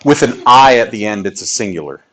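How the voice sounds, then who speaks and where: A man's voice: on the low side, expressive, brisk, a bit bright. A man teaching a math class in a classroom, talking casually and chatty as he explains. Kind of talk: classroom lecture.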